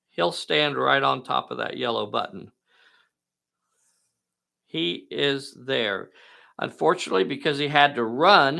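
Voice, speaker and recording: A man's voice: medium pitch, vocal fry, sharp tone. A man hosting and narrating a live tabletop game in a folksy, enthusiastic way, talking to viewers. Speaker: game master and host.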